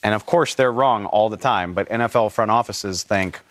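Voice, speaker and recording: A man's voice: lowish voice, moderate pace, fairly bright tone, no echo, studio quality. A man on a sports panel, laid-back and wry as he argues his point. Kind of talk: casual sports debate.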